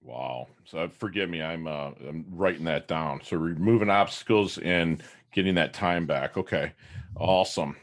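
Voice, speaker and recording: A man hosting a podcast interview, asking questions and affirming the guest with quick interjections. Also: sits low. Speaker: podcast host.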